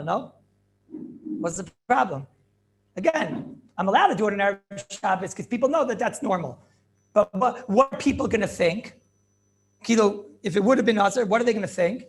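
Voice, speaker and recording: Animated rabbi, high gravelly voice. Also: male voice. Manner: animated questioning, answers his own questions, repeats phrases. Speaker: rabbi teaching a class. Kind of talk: Talmudic class lecture with back-and-forth questions.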